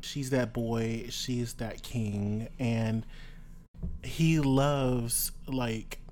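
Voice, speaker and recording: A player introducing a new tabletop character in casual chat, halting and searching for words. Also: medium pitch. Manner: halting, with many fillers and restarts.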